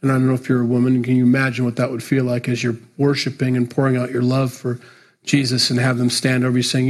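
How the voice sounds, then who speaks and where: A man delivers a sermon, his voice slightly husky and rough at the edges. He preaches in an earnest, emphatic way but keeps it conversational, as if talking straight to the congregation. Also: medium pitch, completely flat delivery, fast talker. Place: church.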